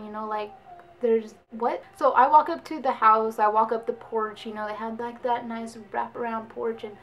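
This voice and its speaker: A woman's voice: fairly high pitch, fairly even intonation, normal speed, faint music behind, rough recording. A young woman vlogger telling a story in a casual, chatty way, laughing often. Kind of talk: storytime vlog.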